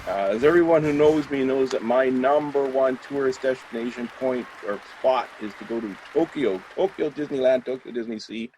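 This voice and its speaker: A man's voice: mid-range voice, low-quality recording. A man hosting a podcast, chatting casually with a guest in a jokey, self-deprecating way. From Canada. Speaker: podcast host. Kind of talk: casual interview chat.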